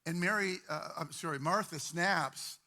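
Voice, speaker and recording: A man preaching a sermon as pastor, talking in a conversational, animated way with repeated words. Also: a little high, measured pace.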